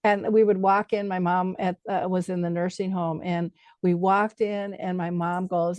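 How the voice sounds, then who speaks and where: A woman's voice: fairly low pitch, fairly even intonation, moderate pace, few pauses, darkish tone, no echo. A middle-aged woman hosting a podcast, affirming her guest and telling a family story in an earnest way. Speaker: podcast host. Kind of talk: conversational interview with anecdotes.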